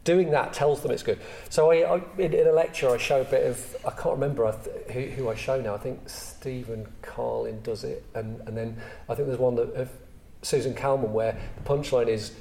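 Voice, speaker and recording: A man's voice: medium pitch, steady tone, a little fast, creaky, hardly any pauses, mellow. A male host who teaches comedy explains his points patiently in conversation. Faint room noise sits behind his voice. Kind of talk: casual chat. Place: studio.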